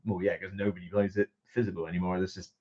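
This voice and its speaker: A man's voice: deep voice, flat delivery, quick pace, darkish tone. A man with a West Country accent, chatting casually and laughing often on a board game live stream. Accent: West Country English. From West Country, England. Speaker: board game reviewer, guest. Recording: dull lo-fi stream audio.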